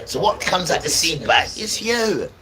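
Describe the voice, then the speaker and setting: A man's voice: a little high, very animated, a little slow, a loud crowd, poor audio. A man with a British accent lecturing people in a heated, repetitive street-preaching style. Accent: British English. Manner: heated, lecturing, repeats himself. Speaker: live streamer preaching to passers-by.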